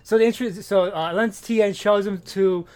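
A man in casual chat, retelling a comic's plot in a rambling, animated way with many fillers and restarts. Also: high voice, moderate pace, smooth. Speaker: comic book podcast co-host.

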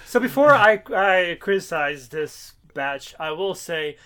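High-voiced man, excited and swearing. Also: a little slow, clean tone. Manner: enthusiastic, swears freely. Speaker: podcast co-host. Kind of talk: casual chat.

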